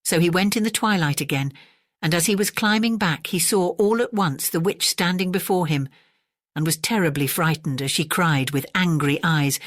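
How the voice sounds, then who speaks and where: A woman narrating a soothing bedtime fairy tale as a storyteller, gentle and unhurried. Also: on the low side, dry recording, clean studio sound.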